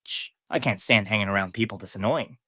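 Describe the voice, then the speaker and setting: A man's voice: lowish voice, fairly quick, bright, forceful tone, no room sound, clean studio sound. A man voicing a short-tempered young male student who talks in an irritated, snappy way.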